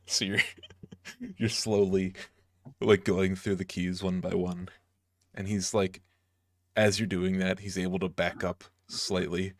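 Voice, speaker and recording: A man's voice: low voice, flat delivery, takes it slowly, long pauses, no echo, clean studio sound. A man narrating a tabletop game as game master, casual and hesitant with many fillers.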